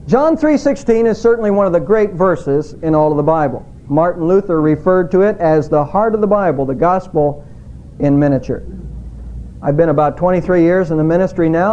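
A middle-aged male pastor preaching a sermon in a measured way, slowing down when he quotes scripture. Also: high voice, a little mellow, lo-fi sound.

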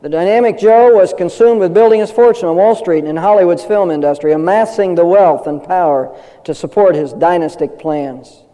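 A man's voice: high-pitched, brisk, mellow, long reverb tail, rough recording. An older man preaching a sermon in an earnest way, building up to emphatic declarations. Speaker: pastor.

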